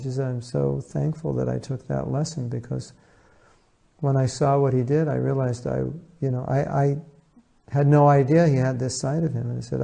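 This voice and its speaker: A man's voice: mid-range voice, vocal fry, warm tone. A man giving an informal spiritual talk on relationships, conversational and acting out little dialogues as he tells stories. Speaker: spiritual teacher.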